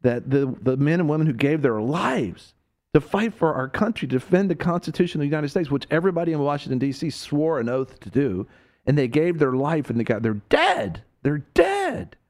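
A man's voice: on the high side, expressive, brisk, a little mellow. A man hosting a Christian talk radio show, speaking in a preacherly way that rises to emphatic peaks.

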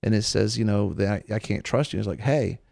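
A man's voice: lowish voice, quick pace, gravelly, no echo, studio quality. A man with a Southern American accent hosting a faith talk show, chatting casually and acting out the quotes in his stories. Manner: animated storyteller, acts out quotes. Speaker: radio show host.

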